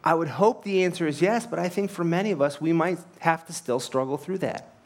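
A man's voice: on the high side, fairly quick. A man preaching a sermon, earnest and emphatic, asking rhetorical questions and telling anecdotes. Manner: tells anecdotes with light laughs. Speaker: pastor.

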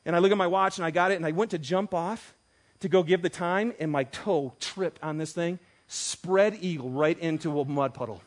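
A man in his thirties preaching a sermon as pastor, telling stories with big swings between loud and quiet. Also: a little high, moderate pace.

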